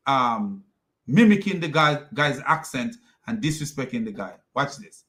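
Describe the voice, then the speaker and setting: Bright-voiced mocking male commentator. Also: medium pitch, very animated, unhurried. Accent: non-native English. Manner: scornful, frequent laughter. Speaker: video commentator.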